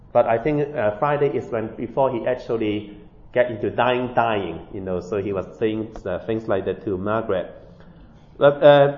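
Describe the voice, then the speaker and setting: A man telling a saint's life story in a sermon, halting often with fillers and restarts. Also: a little high. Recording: dull lo-fi recording.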